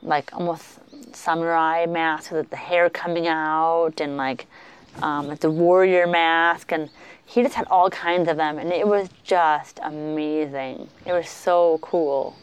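A woman co-hosting a podcast, telling travel stories in a chatty, animated way with lots of fillers. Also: low voice, slow pace, clear, resonant tone. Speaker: podcast co-host. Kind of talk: casual travel storytelling.

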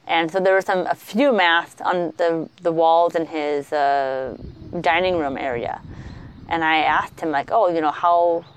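A woman co-hosting a podcast, telling travel stories in a chatty, animated way with lots of fillers. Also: lowish voice, a little hiss or hum. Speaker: podcast co-host. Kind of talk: casual travel storytelling.

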